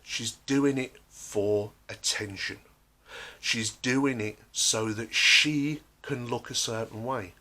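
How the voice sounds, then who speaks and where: A man's voice: mid-range voice, slow pace, pushed and bright. A man delivering an emphatic, sarcastic ranting monologue. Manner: emphatic, sarcastic, acts out quotes. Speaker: vlogger.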